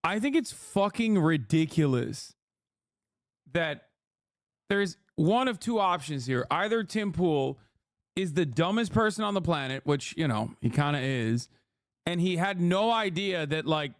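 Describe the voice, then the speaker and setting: A man's voice: on the high side, measured pace, no echo, clean studio sound. A male streamer reacting to a clip, mocking and heated, swearing often. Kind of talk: profane, sarcastic streamer commentary.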